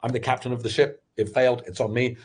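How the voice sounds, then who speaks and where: A middle-aged man giving a candid, animated webinar talk on pitching, full of restarts as he tells his story. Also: quick pace, breathy edge. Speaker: sales expert and former startup founder.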